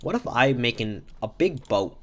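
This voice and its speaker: A man's voice: mid-range voice, very animated, moderate pace, fairly bright tone. A man voicing a clever little boat-builder who thinks his plans through aloud. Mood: scheming.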